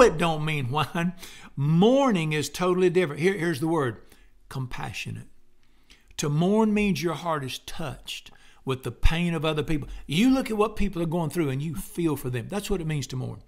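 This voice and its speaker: A middle-aged man preaches in a fervent, homespun way. His voice sits a little high for a man, and he bursts into loud exclamations between plain, conversational stretches. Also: lively intonation, normal speed. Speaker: pastor. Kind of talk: sermon.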